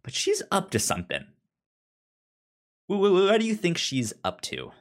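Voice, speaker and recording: A man's voice: sits high, wildly swooping pitch, moderate pace. A man co-hosting a casual book discussion podcast, often stammering and repeating the first sounds of words. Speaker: podcast co-host.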